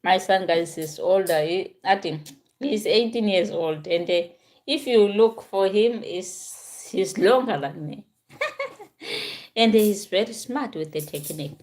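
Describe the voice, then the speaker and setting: Halting woman vlogger in her forties. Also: medium pitch, darkish tone. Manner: halting, repeats and restarts phrases. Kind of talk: casual talk to camera.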